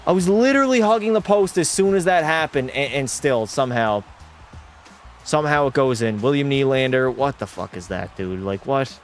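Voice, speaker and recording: Frustrated young streamer ranting. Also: male voice, mid-range voice, normal speed, faint music behind. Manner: frustrated, profane ranting at the game; talks to chat. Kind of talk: live gameplay commentary.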